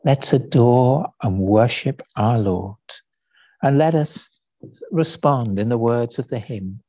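A man preaching a sermon, speaking slowly and deliberately, lifting his voice for quoted lines. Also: medium pitch, mellow, dry recording. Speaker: pastor. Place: church.

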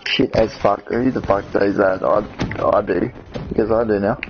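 A young man, commentating his gameplay and swearing, excitable and repeating himself. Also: lowish voice, normal speed, lo-fi sound, background noise. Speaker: gamer.

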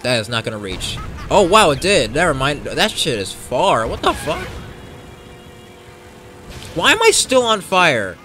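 A bright-voiced young man narrating a racing game as he plays, cursing freely and bursting into yells between low grumbles. His pitch swings widely, with faint game music underneath. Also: a little slow, long pauses. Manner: profane, excitable, swings between shouting and muttering. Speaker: gameplay commentator. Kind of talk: casual let's play commentary.

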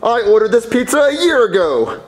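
A man voicing an excitable, exasperated goofy father in a puppet comedy skit. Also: extremely high pitch, normal speed.

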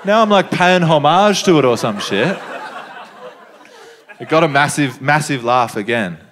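Laid-back stand-up comedian telling stories. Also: male voice, a little high, measured pace, some chatter behind, slight background noise. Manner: laid-back storyteller with lively asides. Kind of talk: stand-up storytelling. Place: comedy stage before a live audience.

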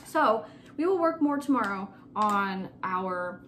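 A young woman teaching a remote spelling lesson to young children, slowly repeating each word and spelling it out letter by letter. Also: medium pitch, expressive, a bit bright, a little hiss or hum. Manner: slow, patient, repeats words and spells them letter by letter.

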